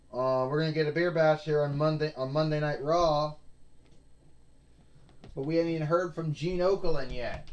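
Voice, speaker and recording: A man's voice: fairly high pitch, a little hiss or hum. Man rambling through toy wrestling commentary. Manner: rambling, restarts sentences. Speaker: play-by-play narrator.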